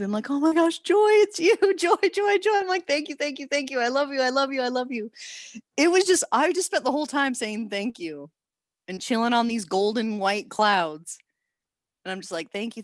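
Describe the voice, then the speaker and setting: A woman on a video call sharing a personal experience in a rambling, emotional way, halting often with restarts. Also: medium pitch, a bit bright, no room sound, clean studio sound. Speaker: workshop participant.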